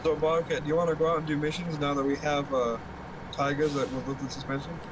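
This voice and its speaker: A man's voice: a little high, flat delivery, brisk, background noise. A man in casual chat while gaming, blunt and casually profane, talking through his own moves in the game. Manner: blunt, swears casually, talks through what he is doing in the game. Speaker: gamer on a multiplayer stream.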